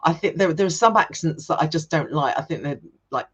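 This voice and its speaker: A woman's voice: low voice, animated, a little fast, husky. A woman from England in a casual chat as a guest, opinionated and restarting her sentences often. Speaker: guest writer and comedian.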